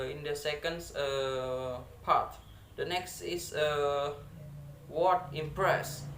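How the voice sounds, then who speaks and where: Man, Indonesian accent, slightly high voice, hesitant lesson delivery, faint room hum. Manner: halting, many "uh" fillers, repeats example words. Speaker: student presenter. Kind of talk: reading a lesson on word stress. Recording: echoey room with faint ambience.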